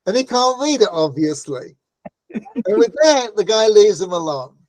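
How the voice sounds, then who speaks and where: A man's voice: high voice, sing-song, unhurried, darkish tone, no room sound. A man teaching a Torah class, telling stories in a conversational way with frequent "right?" asides and acted-out quotes. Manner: acts out quoted voices in stories.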